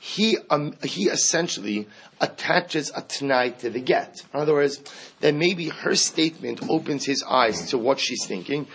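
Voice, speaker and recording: Husky-voiced man teaching Talmud. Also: fairly high pitch, measured pace. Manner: animated, acts out quoted speakers, mixes Aramaic terms into English. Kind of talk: Talmud class lecture.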